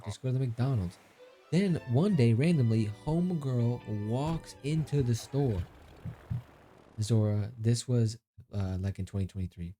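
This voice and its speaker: A young man streaming live, casually telling a story to his chat in an animated, incredulous way, breaking into laughter. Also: medium pitch.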